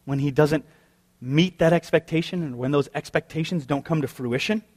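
Wry, talky pastor with a higher voice. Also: male voice, normal speed, a little mellow. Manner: conversational and wry, full of rhetorical questions. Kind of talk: sermon.

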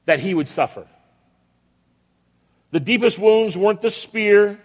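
High-voiced preacher in a reverberant hall. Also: male voice, expressive. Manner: emphatic preaching with dramatic pauses and repetition; acts out quoted voices of biblical figures. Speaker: pastor. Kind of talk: sermon.

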